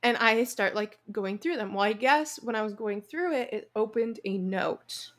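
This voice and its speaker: A young woman co-hosting a podcast tells a story in casual chat, her voice on the high side at a normal pace. She's animated and emotional, laughing often as she goes.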